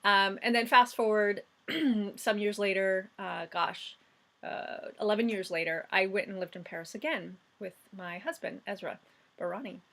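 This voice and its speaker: A woman in her forties talks straight to camera in a casual vlog, her pitch sitting in the middle of the range. She reminisces in a chatty way, with little fillers and restarts. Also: moderate pace, fairly bright tone. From United States. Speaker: vlogger.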